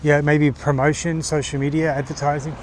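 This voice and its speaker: A man's voice: a little high, level tone, slight background noise. Rambling Australian man in his forties. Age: 40s. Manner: halting, many fillers and restarts. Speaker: vlogger. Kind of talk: casual rambling monologue.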